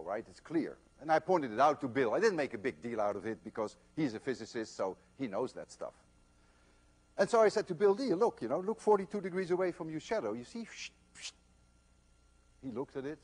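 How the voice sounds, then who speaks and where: An older man giving a university physics lecture, telling stories in an animated, emphatic way. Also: mid-range voice, breathy edge. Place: lecture hall.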